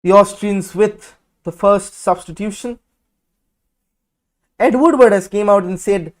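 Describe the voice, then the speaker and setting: A man hosting a football watch-along, giving live match commentary in an excitable, blunt and outspoken way. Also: high voice, a little slow, long pauses.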